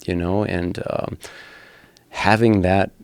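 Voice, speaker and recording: A man's voice: low voice, steady tone, slow, clear, resonant tone, dry recording. A man in his thirties, a fighter and podcast guest, telling his personal story in an earnest, blunt way with some swearing.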